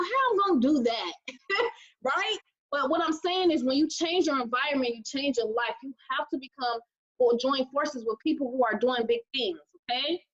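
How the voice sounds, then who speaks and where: A woman giving a chatty motivational pitch to live viewers, with many "okay?" asides. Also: highs cut off. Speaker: team recruiter presenting a trading program.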